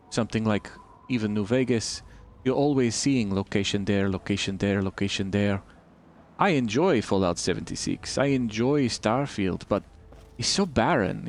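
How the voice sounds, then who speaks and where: A man's voice: fairly low pitch, close to an everyday voice. A man playing a nameless stranger with a put-on generic Eastern European accent and broken English, chatting while he games. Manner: broken English, dropped articles, blunt opinions. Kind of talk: joking accent bit while gaming.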